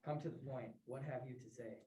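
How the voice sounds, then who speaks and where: A woman in a classroom voicing a stern, cold male king, reading his commands in a low, clipped voice. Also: steady tone, brisk, dark tone. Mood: cold, commanding. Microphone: distant room mic. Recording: roomy, distant classroom recording.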